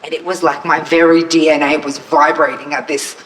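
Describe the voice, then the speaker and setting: A woman's voice: sits low, little pitch movement, brisk, fairly bright tone. A woman telling a heartfelt, reflective personal story at a camp gathering, describing her land in vivid detail before singing. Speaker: storyteller and singer. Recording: distant mic with faint background noise.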